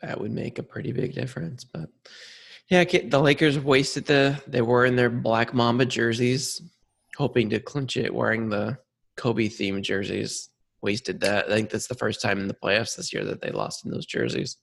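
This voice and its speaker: A man's voice: medium pitch, steady tone, normal speed, vocal fry, a bit bright. A man co-hosting a casual sports podcast, chatty and easygoing, often trailing off mid-thought. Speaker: podcast co-host.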